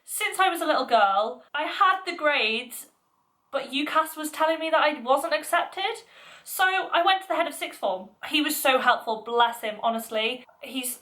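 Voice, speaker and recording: Bright-voiced young woman telling a story. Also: sits high, normal speed. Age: young adult. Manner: chatty, filler-heavy retelling; emotional, animated storytelling. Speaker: vlogger. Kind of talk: casual storytime vlog.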